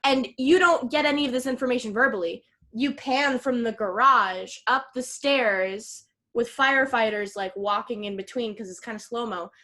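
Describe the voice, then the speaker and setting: A woman co-hosting a casual podcast, retelling a film plot in an animated way, acting out quotes and swearing freely. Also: a little high, normal speed, hardly any pauses. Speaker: podcast co-host.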